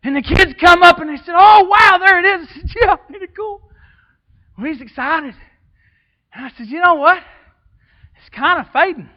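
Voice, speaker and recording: Man, assistant pastor, sermon, very bright sharp voice, folksy, fiery. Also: very high-pitched, moderate pace, long pauses. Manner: passionate preaching, swings between shouting and quiet. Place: church sanctuary.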